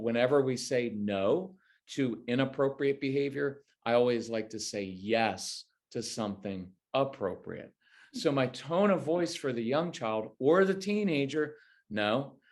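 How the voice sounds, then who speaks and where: A man speaking as a guest expert in an interview, explaining parenting advice in a conversational way and acting out what a parent might say. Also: mid-range voice. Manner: animated, acts out parent lines in quoted voices.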